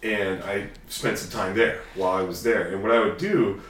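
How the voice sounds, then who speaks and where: A man with a lowish voice tells his story in a relaxed, casual way. He sometimes acts out conversations with sudden loud energy. He sounds a little far from the mic in an echoey room, with faint ambience behind him. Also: moderate pace, a little hiss or hum. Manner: animated storyteller, acts out dialogue loudly. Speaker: guest.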